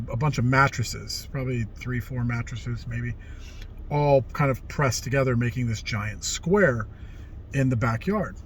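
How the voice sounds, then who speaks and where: Middle-aged guy rambling thru old stories, plain mid voice, faint hiss behind. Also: mid-range voice. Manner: rambling, animated when quoting people. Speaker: vlogger telling life stories. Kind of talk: casual storytelling.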